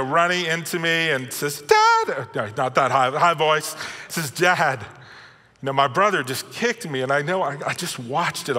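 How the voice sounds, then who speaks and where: A man's voice: on the high side, pushed and bright, in a large hall. A middle-aged male pastor preaching a sermon in a conversational, self-deprecating storytelling manner. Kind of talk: sermon with personal stories.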